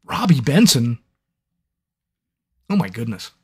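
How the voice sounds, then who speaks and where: Animated man chatting with fans. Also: mid-range voice, takes it slowly, breathy edge. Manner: animated, playful storyteller. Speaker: audiobook narrator. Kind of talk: live fan Q&A chat.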